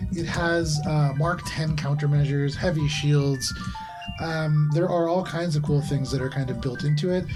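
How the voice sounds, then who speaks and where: A man's voice: a little high, low-quality recording. A man runs a tabletop game, talking through a ship's features in a loose, descriptive way. Music plays behind his voice throughout. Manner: descriptive, casual, with fillers. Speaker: game master. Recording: background music.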